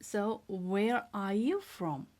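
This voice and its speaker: A woman teaching a beginner language lesson, speaking slowly and clearly, repeating each word and praising the learners. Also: medium pitch, lively intonation, darkish tone. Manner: patient, drills words twice and praises learners. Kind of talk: slow, clear classroom instruction.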